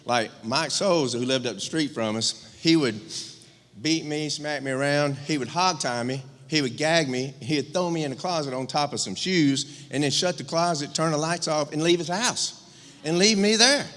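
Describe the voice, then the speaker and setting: A fairly high-pitched, fairly bright male voice at a moderate pace belongs to a middle-aged man from rural Georgia. Standing in a church sanctuary, he gives a eulogy for his older brother, a candid storyteller who jokes and fills his speech with fillers and false starts, recorded with long hall reverb.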